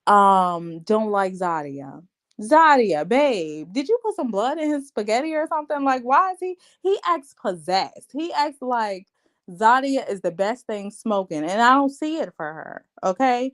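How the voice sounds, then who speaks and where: A woman hosting a reality TV recap in a casual, sassy, blunt rant. She talks straight to her viewers and calls them babe and child. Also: on the high side.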